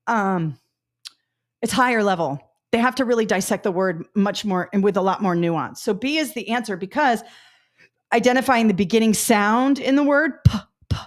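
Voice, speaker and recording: A middle-aged woman teaching a live test-prep webinar, upbeat and coaching, talking through examples out loud. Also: fairly high pitch.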